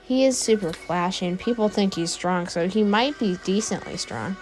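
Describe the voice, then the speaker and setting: A woman voicing a soft-spoken psychic creature. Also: medium pitch, normal speed, soft background music, natural voice. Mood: mild. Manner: quiet, mild, matter-of-fact.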